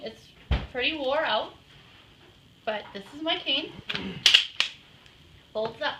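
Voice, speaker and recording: A woman talking casually and patiently to a group of children in a home, pausing now and then to give short commands to her dog. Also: sits high. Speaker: guest speaker with a guide dog. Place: indoors in a home. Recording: roomy, distant home-video sound with faint noise.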